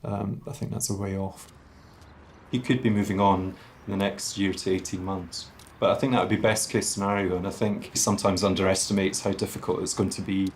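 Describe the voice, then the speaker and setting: A man speaking as a clinician, giving a measured, cautious assessment of a patient in an interview. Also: low-pitched, little pitch movement, a little hiss or hum.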